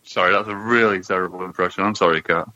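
A man co-hosting a podcast, ranting loudly and swearing hard. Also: low-pitched, steady tone, fast talker, no room sound. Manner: loud, ranting, heavy swearing. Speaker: podcast co-host. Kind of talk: casual sweary chat. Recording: dull lo-fi with faint hiss.

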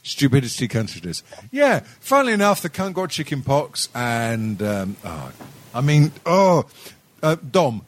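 Rambling bloke, very lively pitch. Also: male voice, measured pace. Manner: rambling, stammering restarts, laughs through his own stories. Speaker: podcast co-host. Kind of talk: casual sweary chat.

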